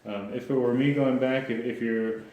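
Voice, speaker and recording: A man's voice: medium pitch, fairly even intonation, moderate pace, phone-quality sound. A man working as a home inspector, explaining his findings to a client in a plain, practical way with frequent restarts. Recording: echoey room.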